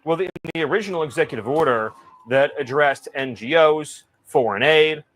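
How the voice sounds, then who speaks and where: Man in a played-back press briefing clip, slightly high pitch, measured and formal. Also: fairly bright tone.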